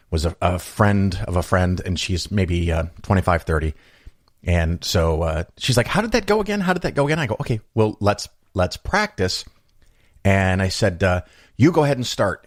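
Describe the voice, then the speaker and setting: Low-voiced chatty podcast host, dry. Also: male voice, no echo. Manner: chatty storyteller, acts out quoted voices. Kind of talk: casual solo monologue.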